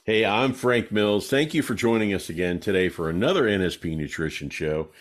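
A man's voice: fairly low pitch, a little fast. A man hosting a casual podcast, asking easygoing questions with hesitant fillers. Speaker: host.

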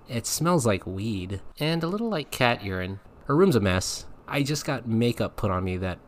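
A man's voice: lowish voice, slight background noise. A man, a podcast host, casually telling a personal story, laughing often and acting out the lines people said. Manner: chatty, laughs often, acts out quotes.

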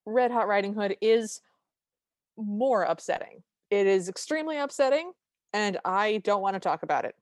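A woman's voice: medium pitch, lively intonation, moderate pace, no echo, clean studio sound. A woman co-hosting a podcast, giving wry, detailed recaps in casual chat. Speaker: podcast co-host.

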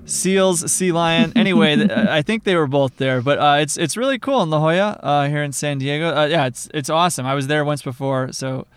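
A man's voice: a little high, brisk, few pauses, smooth. A man co-hosting a podcast in casual chat, chatty and self-deprecating, laughing often as he talks. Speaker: podcast co-host. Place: San Diego.

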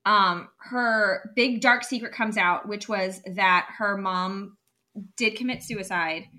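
Woman podcast co-host, bright tone, excitable and rambling. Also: medium pitch. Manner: excited, laughing, rambling with restarts. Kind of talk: casual chat, recapping a book.

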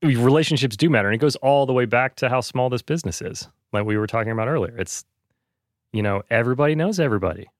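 A man's voice: medium pitch, expressive, fast, no room sound, studio quality. A man in casual podcast conversation, talking earnestly with lots of fillers. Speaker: podcast host, guest.

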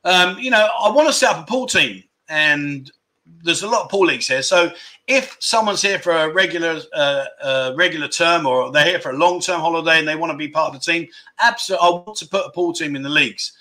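A middle-aged man hosting a relaxed livestream chat, rambling and self-deprecating as he answers viewers. His voice is very bright and sharp and sits a little high for a man. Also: brisk. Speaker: livestream chat show host. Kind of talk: casual livestream chat reading viewer comments.

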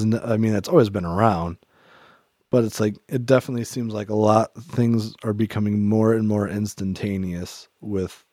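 A man's voice: lowish voice, dark tone, dry recording, studio quality. A man talking through his thoughts in a casual faith-themed chat, rambling and reflective, filling his speech with "like" and restarting sentences.

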